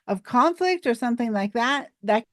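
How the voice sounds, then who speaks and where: Woman speaking coach, higher register, playful and animated, dry close mic. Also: normal speed, no echo. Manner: animated, playful, laughs at herself. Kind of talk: instructional talk to camera.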